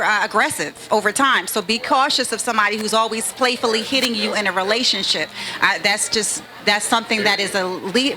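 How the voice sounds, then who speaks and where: A woman with a bright, crisp voice gives cautionary advice on a talk-show panel. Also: a little high, a little hiss or hum. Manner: cautionary, advising. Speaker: panel guest.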